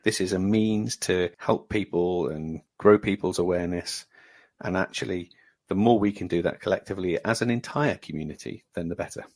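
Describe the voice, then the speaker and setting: A man hosting a podcast interview, brisk and affirming toward his guest. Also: sits low, a little mellow. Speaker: podcast host. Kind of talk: conversational interview.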